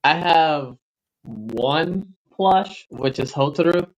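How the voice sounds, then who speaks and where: A man's voice: fairly high pitch, expressive, slow pace, low-quality recording. Rambling man chatting on a game stream. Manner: rambling, anecdotal, cautious recommendations. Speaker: livestream co-host. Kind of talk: casual chat while gaming.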